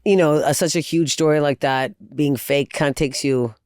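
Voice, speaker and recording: A woman comedian chatting as a guest on a podcast, telling animated stories and swearing freely. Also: sits low, normal speed, smooth, no echo, clean studio sound. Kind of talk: casual podcast chat.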